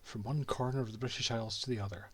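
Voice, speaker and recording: A man's voice: medium pitch, steady tone, quick pace, background noise, lightly acted. A Scottish man voicing a haughty male cartographer and reading his old-fashioned diary aloud from a game.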